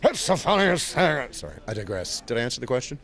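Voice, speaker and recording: A man's voice: medium pitch, big pitch swings, fast talker, a crowd in the background. A man, a voice actor at a convention, talking in a manic, jumpy way and breaking into silly voices mid-sentence. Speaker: voice actor guest. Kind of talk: convention interview. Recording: outdoor convention recording.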